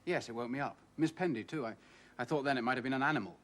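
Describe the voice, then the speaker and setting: A man's voice: mid-range voice, rapid-fire, natural voice. An actor playing a hesitant male witness who stumbles over his words. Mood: uneasy. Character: hesitant male witness reporting a scream at night.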